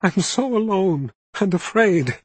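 A man's voice: high voice, lively intonation, takes it slowly, slightly rough, no echo, voice pushed up, heavily acted. A man voicing a frightened young woman haunted by the underworld, speaking faintly and through sobs in an audiobook reading. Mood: sobbing. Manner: faint, distant and sobbing.

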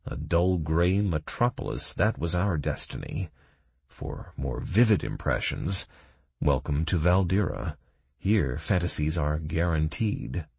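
Deep gravelly guy reading a fantasy audiobook, lively delivery, close mic. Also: a little slow, no room sound. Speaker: audiobook narrator. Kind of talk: first-person scripted narration.

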